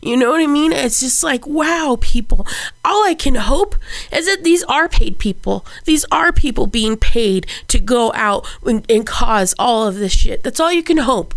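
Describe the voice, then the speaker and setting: A woman's voice: fairly high pitch, expressive, measured pace, creaky, no echo. A woman co-hosting a podcast, venting in casual chat, upset and swearing freely. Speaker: podcast co-host.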